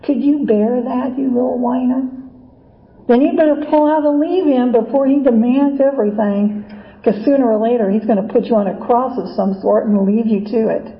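A woman's voice: on the high side, normal speed, echoey room, dull audio, natural voice. A woman reading the lines of a cruel, sneering personification of bitterness in an insistent way.

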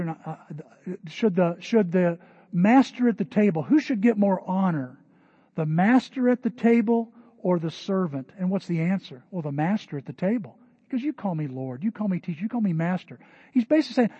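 A man preaching a sermon, telling a story in a lively way and acting out the voices of the people in it. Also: high-pitched, normal speed, husky, dry recording, muffled recording. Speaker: pastor.

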